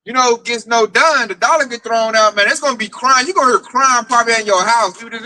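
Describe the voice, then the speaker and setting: A man's voice: extremely high pitch, animated, a little fast, sharp tone, no echo, poor audio. A man teaching at a religious camp, preaching to the group and reading scripture aloud.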